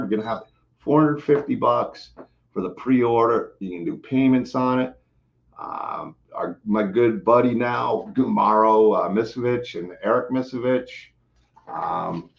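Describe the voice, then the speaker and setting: A man hosts a home live stream in a loose, rambling way, stumbling over fillers and doubling back on his words. His voice sits at an ordinary middle pitch, and he sounds a little winded. The audio is slightly dull and lo-fi. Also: gravelly, a little hiss or hum. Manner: rambling, repeats himself, many fillers. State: out of breath. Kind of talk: casual live stream chat.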